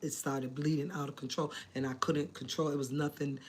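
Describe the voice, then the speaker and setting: A woman voicing a male surgeon as she quotes him, grave and quiet. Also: deep voice, little pitch movement, brisk, slight background noise, pitched below the performer's own voice, close to an everyday voice. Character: grave male surgeon breaking bad news.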